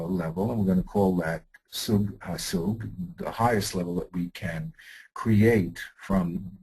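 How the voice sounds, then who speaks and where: Gravelly deep-voiced man teaching a text. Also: a little mellow, low-quality recording. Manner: halting, many restarts and fillers while explaining a text. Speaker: Talmud teacher. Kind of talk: classroom text lesson.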